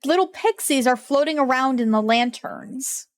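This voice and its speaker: A woman narrating a tabletop game as game master, talking in halting bursts full of fillers. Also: sits high, expressive.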